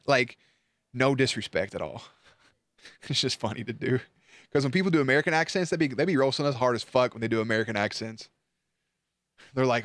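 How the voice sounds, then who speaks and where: A man streaming at night, chatting casually with his viewers, swearing, joking and now and then breaking into loud high yelps. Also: brisk, dry recording. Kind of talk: casual chat reading out viewer messages.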